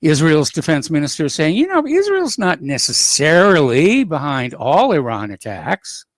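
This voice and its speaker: A man hosting a call-in radio show, reading news items and adding opinionated asides in an unhurried, conversational way. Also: a little high, wildly swooping pitch, no echo. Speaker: radio talk show host.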